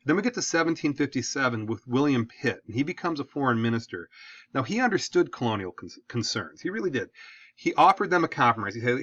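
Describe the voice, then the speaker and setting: A man from the Detroit area teaches a history lesson in a relaxed, conversational way, often asking "okay?". His voice sits at an ordinary pitch for a man. The recording is dry and somewhat dull. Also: quick pace, dry recording. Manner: casual, chatty, asks "okay?" again and again. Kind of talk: recorded classroom lecture.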